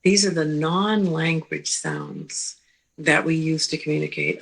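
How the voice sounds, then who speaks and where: A woman clinician giving a slow, gentle teaching talk, pausing often and checking in with the listener. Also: deep voice, wildly swooping pitch, vocal fry, breathy edge, low-quality recording. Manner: slow, gentle, with pauses and repeated "right?".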